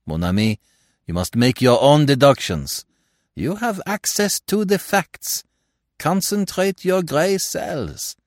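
A man's voice: a little high, lively intonation, takes it slowly, dry recording, clean studio sound, pitched above the performer's own voice. A man voicing Hercule Poirot, fussy and lecturing. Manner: precise, lecturing, impatient with sentiment. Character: fussy, self-assured older male Belgian detective. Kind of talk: audiobook character reading.

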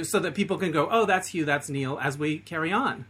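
A man's voice: fairly high pitch, brisk, fairly bright tone, breathy edge. A man hosting a podcast interview, chatty and enthusiastic, with frequent ums. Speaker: podcast host.

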